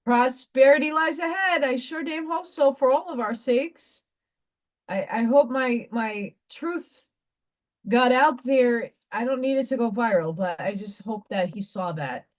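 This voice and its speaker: Woman, fairly high voice, casual livestream chat, rambling, blunt, occasional swearing. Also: a little slow. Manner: reads card messages aloud between chat. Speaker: livestream host reading oracle cards.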